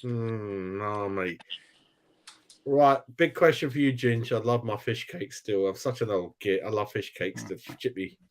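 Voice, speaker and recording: A man's voice: lowish voice, measured pace. Slangy man hosting a fan chat. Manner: slangy, blunt banter. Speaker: fan channel host. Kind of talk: casual football chat.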